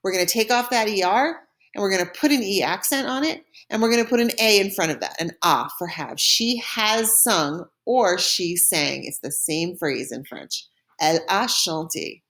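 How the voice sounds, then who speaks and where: A woman's voice: medium pitch, expressive, moderate pace, a bit bright. A woman teaching a recorded French lesson, explaining step by step with patience and modeling pronunciation for learners to repeat.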